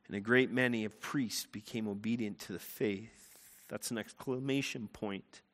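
A man preaching a sermon as a pastor, earnest and emphatic, turning quiet and low in prayer. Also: normal speed. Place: church sanctuary. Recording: long hall reverb.

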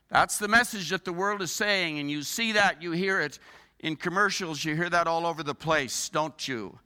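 A man's voice: on the high side, normal speed, sharp tone, clean tone, big-room sound. A man preaching a sermon as a pastor, earnest, building his points with rhetorical questions.

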